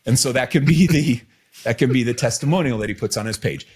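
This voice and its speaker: Relaxed, teasing male podcast host. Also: mid-range voice, fast, breathy edge. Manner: relaxed, teasing, repeats key phrases. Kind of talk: casual podcast chat and business advice.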